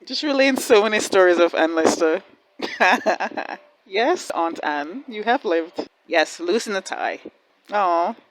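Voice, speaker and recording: A woman hosting a reaction video, giving casual commentary in an excitable way, laughing often and talking back at the screen. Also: medium pitch, takes it slowly, rough recording.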